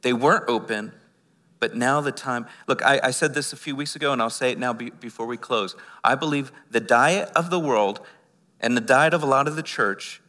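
A male pastor preaching a sermon with passion, swinging between loud and hushed, often stumbling and repeating his words. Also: medium pitch, big-room sound.

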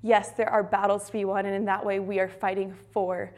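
A woman's voice: medium pitch, little pitch movement, a little fast. A young adult woman giving a fervent, emphatic devotional talk at a retreat. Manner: fervent, emphatic preaching that ends in soft prayer. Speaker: retreat speaker.

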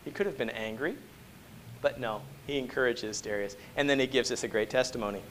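A man preaching a sermon to a congregation, moving between hushed, slow passages and loud, emphatic ones and often asking rhetorical questions. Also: medium pitch, a little hiss or hum. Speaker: pastor.

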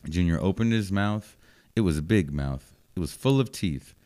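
A man reading a children's storybook aloud in short, simple sentences. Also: low-pitched. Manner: slow, even, simple phrasing for children.

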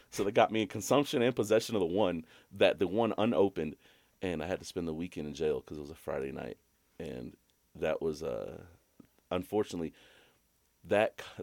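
Young man, very low voice, loose sweary storyteller, dry close mic. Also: creaky, dry recording. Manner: rambling, animated, swears a lot, jumps to a high voice when quoting himself. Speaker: podcast co-host. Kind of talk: casual storytelling chat.

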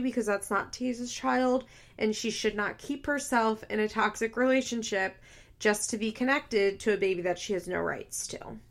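Chatty young woman recapping reality TV. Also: fairly high pitch. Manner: animated, frequent "like", laughs often. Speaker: podcast host.

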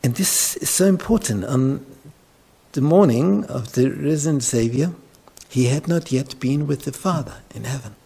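Slow gravelly man preaching. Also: mid-range voice, animated, warm tone. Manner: dramatic storytelling, sudden drops to whispers; repeats words and restarts. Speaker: pastor. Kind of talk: sermon retelling scripture.

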